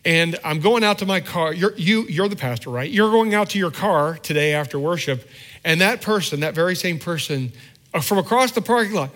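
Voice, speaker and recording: A man's voice: high-pitched, expressive, moderate pace, a bit bright. A middle-aged man preaching a sermon as pastor, candid and self-deprecating, acting out little quoted scenes in a conversational way.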